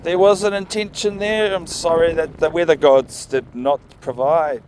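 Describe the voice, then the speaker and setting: A man's voice: on the high side, moderate pace, slight background noise. Laid-back New man talking outdoors. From New Zealand. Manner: relaxed, chatty, talks to his dog with soft commands. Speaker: dog-walking vlogger. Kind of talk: casual outdoor vlog chat. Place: outdoors by a marina on a windy evening walk.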